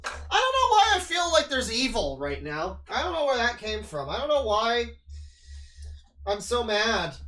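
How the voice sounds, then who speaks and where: A man's voice: sits high, pushed and bright, slight background noise. Exasperated ranting male streamer. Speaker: streamer reacting to videos. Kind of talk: live-stream reaction commentary. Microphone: desk microphone.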